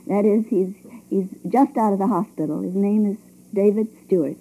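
A woman speaking earnestly as a guest on a 1940s radio interview, halting and restarting her sentences. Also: mid-range voice, steady tone, dark tone, breathy edge, rough recording.

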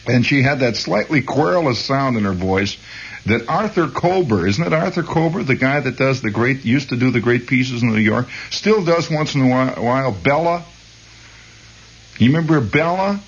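A man's voice: mid-range voice, expressive, normal speed, breathy edge, dull audio. A man rambling hesitantly as host of a late-night radio monologue. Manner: meandering, hesitant, chuckling.

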